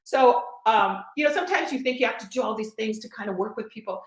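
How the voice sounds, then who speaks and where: A woman's voice: a little high, quick pace, echoey room, soft background music, poor audio. A woman in her sixties, a guest coach, chatting in an interview with energy and emphasis, laughing easily. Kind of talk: casual interview chat.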